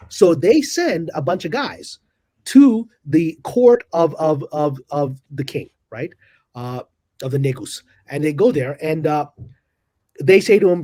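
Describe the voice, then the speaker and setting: Guy telling a history story all animated, kinda high voice that swings a lot, acts out the lines. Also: normal speed, no echo. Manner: acts out quotes with big pitch jumps. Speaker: guest storyteller.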